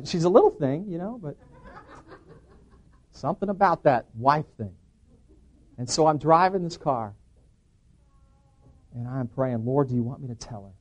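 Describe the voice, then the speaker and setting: Middle-aged male preacher, slightly high voice, earnest testimony storytelling, acts out dialogue. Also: expressive, moderate pace, pauses often, husky, muffled recording. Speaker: preacher giving a personal testimony.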